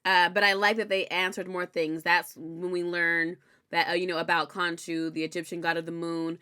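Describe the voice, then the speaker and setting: Bright-voiced woman in casual chat. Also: fairly low pitch, normal speed, smooth. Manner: candid and animated, swearing freely. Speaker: host recapping a TV episode.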